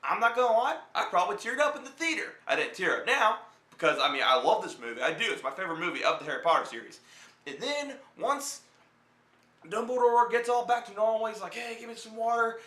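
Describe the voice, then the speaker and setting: A man's voice: high-pitched, expressive, fast talker, sharp tone, reverberant. A young man giving a rambling, profane, joking film review as a vlog host.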